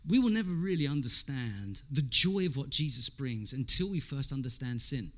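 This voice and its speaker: A man's voice: mid-range voice, very animated, normal speed, pushed and bright. A man preaching a sermon in a conversational way, asking his listeners rhetorical questions, repeating words as he goes and quoting people in character.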